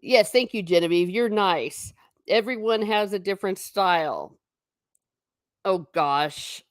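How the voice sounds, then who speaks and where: Speaking slowly in a mid-range voice, a travel vlogger goes through her live chat and talks casually with her audience. She's self-mocking and prone to giggles; the recording is dry and studio-clean.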